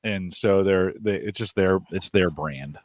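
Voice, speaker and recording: A man chatting casually on a podcast in a relaxed, easygoing way. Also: sits low, unhurried, no room sound, studio quality. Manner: relaxed, easygoing, repeats himself. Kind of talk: casual chat.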